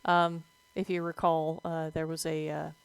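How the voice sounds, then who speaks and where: A woman streaming a game and chatting casually about veterinary topics, moving between relaxed talk and excited yelps at the game. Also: low voice, a little slow, gravelly, clear, resonant tone, no room sound, low-quality recording. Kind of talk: casual gameplay commentary.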